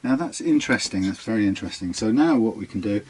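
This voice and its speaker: Low-voiced man musing through a setup. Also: animated, quick pace, a little mellow, breathy edge. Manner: musing, talks to himself while working. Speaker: guitar technician. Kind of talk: hands-on workshop demonstration.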